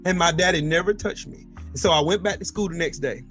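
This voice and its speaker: A middle-aged man hosting a podcast, telling military stories in a casual, profane and animated way. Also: a little fast, soft background music. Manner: animated, profane, swings between loud and low. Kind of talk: casual storytelling chat.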